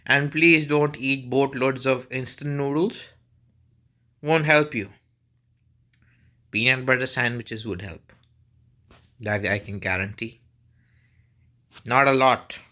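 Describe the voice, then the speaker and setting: Rambling bright-voiced man vlogging. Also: medium pitch. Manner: rambling, many restarts and fillers, easygoing. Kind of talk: casual unscripted talk to camera. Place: at home.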